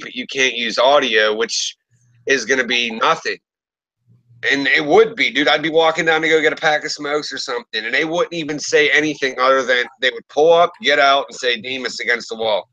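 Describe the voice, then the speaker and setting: Bright, profane storytelling man. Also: medium pitch, moderate pace, no room sound, poor audio. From Pittsburgh area, US. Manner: profane, animated storyteller acting out quotes. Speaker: podcast host. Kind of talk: casual storytelling chat.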